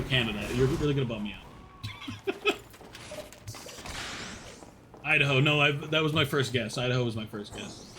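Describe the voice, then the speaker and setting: A man's voice: a little high, noisy background. A man streaming, chatting casually with his viewers, rambling and swearing with frequent laughs. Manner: chats with unheard viewers, reads chat.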